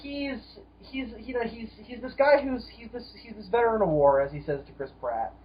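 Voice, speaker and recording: A man's voice: very high voice, brisk. A man co-hosting a casual film discussion podcast, emphatic and profane, ranting at times. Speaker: podcast co-host. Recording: dull lo-fi audio.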